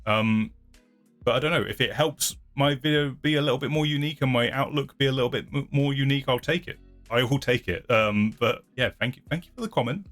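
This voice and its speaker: A man's voice: mid-range voice, a little fast, a bit bright, soft background music. A man hosting his channel who chats casually through viewer comments, rambling, hedging and often laughing at himself. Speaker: channel host.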